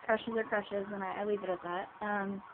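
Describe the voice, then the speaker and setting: A woman's voice: mid-range voice, level tone, moderate pace. A seventeen-year-old girl talking hesitantly to the camera, with many ums and restarts. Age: teens. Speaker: vlogger. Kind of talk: personal vlog talking to camera. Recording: tinny lo-fi sound with hiss.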